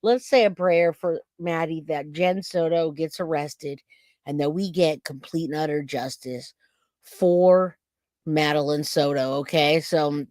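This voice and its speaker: Chatty woman in her 40s reacting on a livestream, lowish voice, dry close sound. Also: unhurried, a little mellow, no echo. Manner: chatty, jokey, reads out chat comments. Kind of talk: casual live-stream chat.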